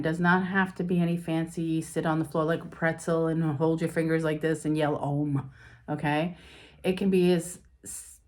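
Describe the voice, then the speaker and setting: Low-voiced middle-aged woman life coach. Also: darkish tone. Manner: candid and confiding, talks through her feelings. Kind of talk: personal talk to camera.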